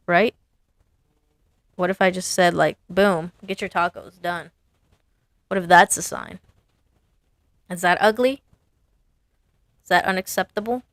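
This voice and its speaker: Woman, sign designer, casual design commentary, self-amused, gravelly voice, dry recording. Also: lowish voice, no room sound. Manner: chatty, self-amused, thinking aloud.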